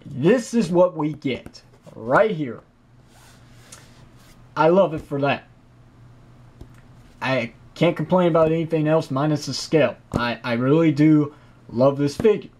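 High-voiced chatty man reviewing toys. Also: darkish tone. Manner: chatty and opinionated, with fillers like "you know"; enthusiastic, with frequent praise. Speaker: toy reviewer. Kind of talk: casual product review to camera.

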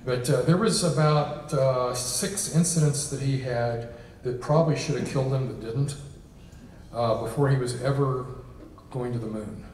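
Addressing an audience in a reception hall, a guest speaker lectures informally and says um and uh a lot. He has a mid-range, darkish voice and speaks at a moderate pace. A far-off mic picks up the hall's echo and slight background noise.

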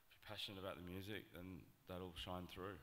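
A man on a conference panel, telling an excited story, swearing and acting out quotes. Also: deep voice, a little fast, in a large hall. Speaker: festival promoter on a panel.

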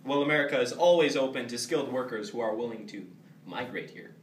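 A man's voice: mid-range voice, fast talker, natural voice. A young man playing a blunt, dismissive company boss interviewing applicants in an amateur comedy sketch. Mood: businesslike. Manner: dry and dismissive, turning insulting. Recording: roomy, distant, faint background noise.

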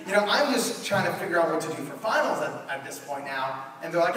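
A man's voice: on the high side, quick pace, hardly any pauses. A young man giving a keynote talk, telling a story and acting out the quotes with lots of energy. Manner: animated, acts out quotes. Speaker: keynote speaker. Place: large conference hall. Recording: echoey hall from far off, faint noise.

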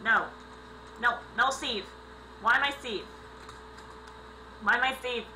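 A young woman runs a gaming channel and gives excitable let's-play commentary full of sudden yelps and laughter. Her voice sits on the high side and she takes her time, though the home recording is poor quality with a mains hum.

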